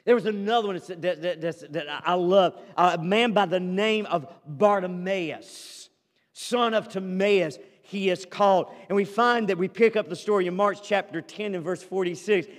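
A male pastor preaching a sermon, reading scripture slowly and then pressing his points with rising fervor. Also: high-pitched, in a large hall.

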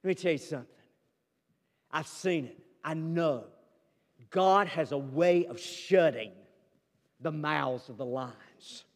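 A man preaching a sermon as pastor, telling a story with dramatic swings between loud declarations and hushed asides. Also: on the high side, takes it slowly, pauses often, in a large hall.

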